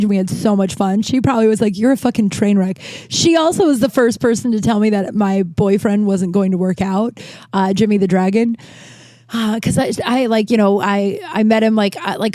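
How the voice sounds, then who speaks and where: Woman, 30s, comedian, podcast host, casual storytelling, rambling, candid, swears, mid pitch, dry close sound. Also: a little mellow, dry recording. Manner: rambling, candid, self-deprecating, swears freely.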